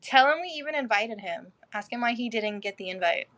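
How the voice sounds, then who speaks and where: Female interview guest, fairly high voice, chatty, laughs easily. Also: lively intonation, a little fast, fairly bright tone. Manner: chatty, laughs often, mild swearing. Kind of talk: casual interview chat.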